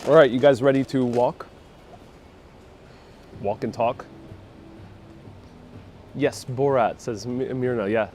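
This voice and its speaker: A man's voice: mid-range voice, fairly even intonation, slow, pauses often, a little mellow, a little hiss or hum. A man hosting a casual walking live stream outdoors on a city street, joking around and reading viewer comments aloud. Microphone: phone on gimbal with wireless lapel mic.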